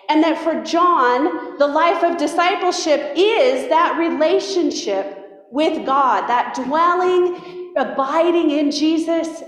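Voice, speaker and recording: A middle-aged woman pastor preaching a sermon in a conversational, warm way with self-deprecating asides. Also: sits high. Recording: very echoey hall, long reverb.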